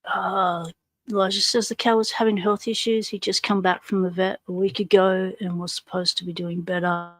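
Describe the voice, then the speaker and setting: A woman's voice: medium pitch, level tone, moderate pace, no echo. An Australian woman hosting a casual livestream, greeting viewers in the chat by name with friendly slang. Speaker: livestream host.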